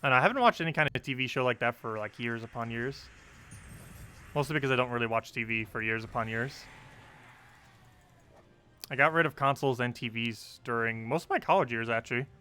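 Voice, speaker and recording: Young man, casual live-stream chat, bright tone, smooth clear voice. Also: medium pitch, brisk, pauses often. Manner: chatty, laughs often, reads chat aloud. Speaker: game streamer.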